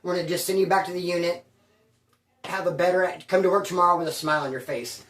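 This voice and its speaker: A man voicing a gruff but lenient prison sergeant who lectures with sarcastic questions. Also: sits high, steady tone, quick pace, fairly bright tone. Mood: lecturing. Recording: roomy echo, distant mic.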